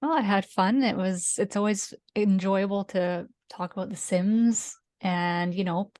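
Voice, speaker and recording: A woman's voice: medium pitch, fairly even intonation, measured pace, darkish tone. A Canadian-accented woman chats as a guest on a podcast. She talks in an easygoing way, hedges her points, and often breaks into laughter. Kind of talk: casual podcast chat.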